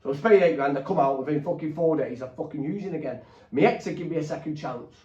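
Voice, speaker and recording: A fairly high-voiced man talks bluntly and rambles, swearing freely as he tells his story as a podcast guest. He sits back from the mic in an echoey room, and the sound is a little dull. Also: quick pace, mellow. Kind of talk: candid storytelling. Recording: roomy, distant, dull.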